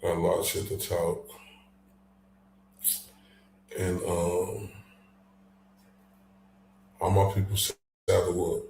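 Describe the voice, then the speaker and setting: Man, livestream host, profane rambling rant, slow pace, echoey room, distant mic, faint hum. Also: low-pitched, level tone, gravelly, dark tone. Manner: profane, rambling, reads chat aloud. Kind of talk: casual livestream commentary.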